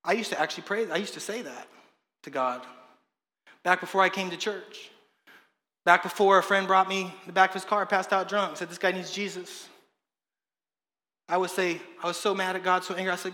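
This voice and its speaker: A man preaching a sermon as pastor, passionate, swinging from loud emphasis to hushed intensity. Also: high-pitched, fairly even intonation, brisk, long pauses. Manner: passionate preaching, rising and dropping in loudness. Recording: echoey hall reverb.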